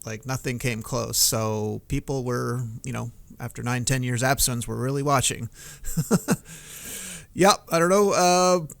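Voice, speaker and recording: Man podcast co-host, gravelly tone, chatty, laughs a lot, stops and restarts sentences. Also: medium pitch, a little slow. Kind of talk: casual podcast chat about TV.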